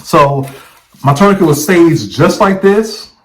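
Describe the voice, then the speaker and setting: Taking his time, a man with a voice on the high side tells a story for his vlog, though the audio is poor. He keeps it casual and conversational in the first person, often checking in with the viewer.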